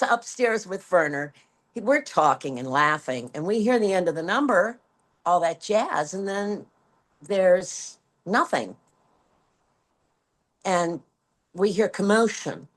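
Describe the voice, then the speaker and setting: A woman in her seventies, a former stage performer, telling a backstage story in an interview and acting out the quoted dialogue with lively swings in her voice. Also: medium pitch, slow pace. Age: 70s. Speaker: guest, former Broadway performer. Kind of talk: anecdotal storytelling.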